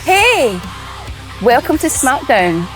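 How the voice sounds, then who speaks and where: A woman's voice: high-pitched, sing-song, slow, fairly bright tone, faint music behind, exaggerated voice. A woman with a Scottish accent voicing a cocky female wrestling champion in a video game cutscene, brash and condescending toward newcomers. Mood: cheery.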